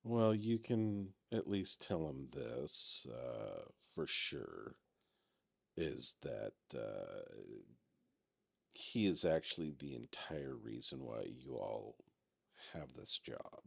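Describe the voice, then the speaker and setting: A man voicing a weary, regretful contact who speaks hesitantly and quietly. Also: extremely low pitch, expressive, creaky, husky, no room sound, clean studio sound, pitched below the performer's own voice, heavily acted. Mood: subdued. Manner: hesitant, subdued, halting.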